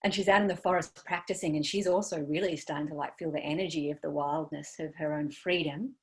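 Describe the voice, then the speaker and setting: A woman giving a dharma talk as a meditation teacher, gentle and searching, trailing off softly with many fillers. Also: sits low, fairly even intonation, fairly quick.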